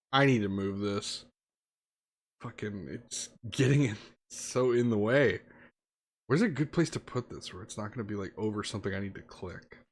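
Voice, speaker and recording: A man streaming a game, thinking out loud and cracking jokes in casual chat. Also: on the low side, unhurried, long pauses. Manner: chatty, joking, thinking aloud.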